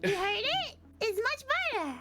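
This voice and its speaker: Playful woman guest, very high, bright and animated. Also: moderate pace, soft background music. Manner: playful, teasing, bubbly. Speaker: guest voice actor. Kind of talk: casual stream chat.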